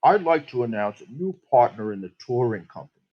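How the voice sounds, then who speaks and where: A man's voice: mid-range voice, big pitch swings, brisk, highs cut off. A man voicing a smug, condescending male troupe leader who mocks others in a tabletop game. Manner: showy, condescending.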